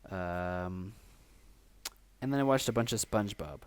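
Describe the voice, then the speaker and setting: A man's voice: deep voice, unhurried, smooth. A man co-hosting a film podcast, talking in a loose, rambling way with many fillers. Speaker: podcast co-host. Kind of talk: casual chat.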